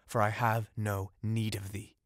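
A man's voice: on the low side, level tone, a little slow, dry recording, clean studio sound, lightly acted. A man voicing an impassioned young fisherman in love, declaiming in old-fashioned speech. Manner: urgent, declaiming archaic speech.

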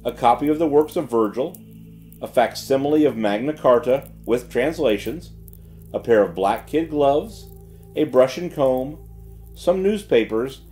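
Measured male audiobook narrator. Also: mid-range voice, warm tone. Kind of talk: scripted narration.

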